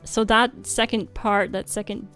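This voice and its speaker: A woman's voice: mid-range voice, fairly even intonation, a little slow, a bit bright. Woman, French accent, casual livestream chatter, filler-heavy, faint background music. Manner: chatty, laughs often, lots of "like". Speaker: streamer.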